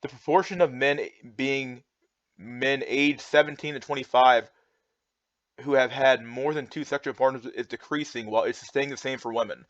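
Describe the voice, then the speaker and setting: A man's voice: medium pitch, steady tone, normal speed, no echo. Heated young man ranting, dull dry audio. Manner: heated, repetitive, filler-heavy with many restarts. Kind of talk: ranting monologue reacting to charts.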